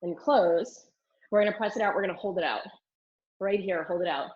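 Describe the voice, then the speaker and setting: Through slightly dull lo-fi stream audio, a woman Pilates instructor counts reps and gives cues to her live online class, staying upbeat while exercising along and sounding a bit strained. Her voice is on the low side and brisk.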